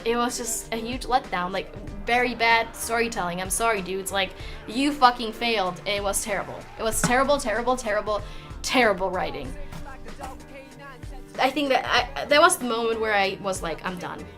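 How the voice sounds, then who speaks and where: A woman's voice: fairly high pitch, normal speed, music in the background. A woman who speaks English as a second language, ranting in a frustrated, swearing way full of fillers and restarts. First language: not English. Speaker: vlogger. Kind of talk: ranting while doing makeup.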